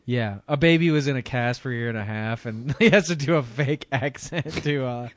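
A man's voice: medium pitch, a little fast, dry recording. A man co-hosting a podcast, sarcastic and teasing in casual comedic chat. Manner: sarcastic, teasing, laughs often. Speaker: podcast co-host.

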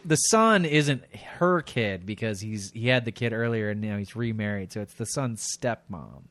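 A man's voice: fairly low pitch, expressive, moderate pace, fairly bright tone, no room sound. Crude, laughing male podcast co-host. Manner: crude, laughing, puts on silly voices in anecdotes. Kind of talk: casual comedic chat.

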